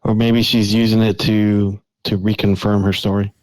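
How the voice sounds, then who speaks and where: A low-voiced man chats as a podcast guest, loose and rambling as he works his way through a point. The sound is dry and close. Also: flat delivery, normal speed, darkish tone, dry recording, low-quality recording. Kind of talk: casual podcast chat.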